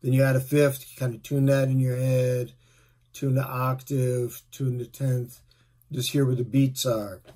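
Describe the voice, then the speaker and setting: A middle-aged man, a musician, giving relaxed, rambling tips on playing his instrument. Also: medium pitch, unhurried. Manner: relaxed, rambling, with fillers and asides. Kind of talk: casual spoken tip video.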